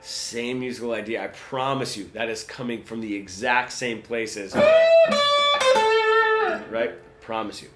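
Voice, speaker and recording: A man's voice: fairly low pitch, fairly even intonation, unhurried, pauses often. Man explaining a guitar lesson. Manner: conversational, often asks "right?". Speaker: guitar teacher. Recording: roomy sound with guitar.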